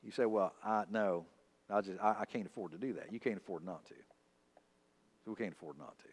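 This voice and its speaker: A man's voice: on the low side, brisk, slightly rough. A male pastor preaching a sermon, telling folksy, humorous stories in a conversational way. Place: church sanctuary.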